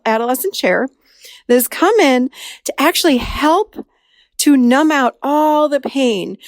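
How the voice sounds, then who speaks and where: On her studio-quality, echo-free podcast, a therapist with a voice on the high side shares a client's story in a relaxed way. She gets animated, performing the lines of dialogue in a raised voice.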